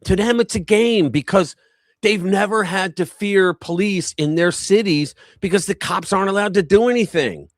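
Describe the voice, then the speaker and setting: A man's voice: high-pitched, moderate pace, no room sound, studio quality. A man hosting a live news commentary stream, talking in a blunt, heated, profane way.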